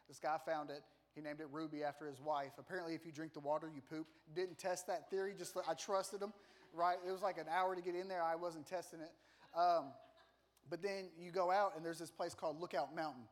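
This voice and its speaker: A man preaches to his congregation, spinning a lively and self-deprecating story with plenty of humor. His voice sits fairly high for a man. He speaks like a pastor used to holding a room. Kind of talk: sermon with personal story.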